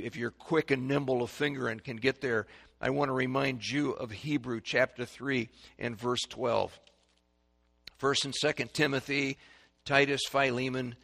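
A man preaching a sermon to a congregation, swinging between loud proclaiming and hushed, dramatic quiet. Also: medium pitch, vocal fry.

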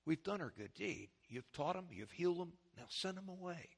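A man's voice: sits high, sing-song, moderate pace, creaky, slightly rough, long reverb tail, pitched above the performer's own voice, heavily acted. A man doing grumbling, dismissive disciples.

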